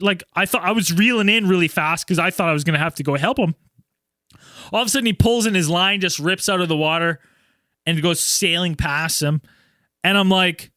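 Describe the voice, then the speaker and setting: A man hosting a casual podcast, telling a story in an animated way with lots of swearing. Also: high voice, fairly quick, no echo, studio quality. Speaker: podcast host.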